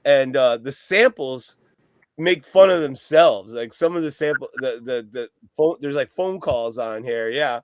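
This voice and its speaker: Recorded dry at studio quality, this male podcast guest from the US East Coast talks about a record at a measured pace in a mid-range voice. He rambles, curses freely, and laughs often.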